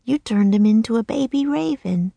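A woman voicing a brave, kind young girl in a storybook, speaking in a high, earnest tone. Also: lively intonation, moderate pace, creaky, warm tone, no echo. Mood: gentle. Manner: earnest and pleading.

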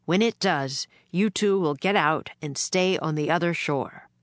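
Storybook general, stern and low-voiced, read by a woman narrator; dry close sound. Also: unhurried, dry recording. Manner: stern, commanding. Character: stern male general, commanding and grave.

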